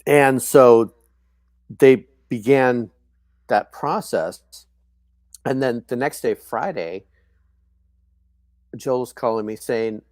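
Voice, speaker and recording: An older man, a foster and adoptive father, telling his story in a casual, halting way, full of "you know" and "um". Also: medium pitch, a little mellow, dry recording. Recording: dry close sound.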